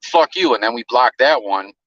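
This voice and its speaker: Casual male streamer, slangy and profane, bright edge, dry lo-fi sound. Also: mid-range voice, normal speed, dry recording. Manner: loose, profane storytelling with slang. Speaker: live-stream host. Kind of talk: casual live-stream chat.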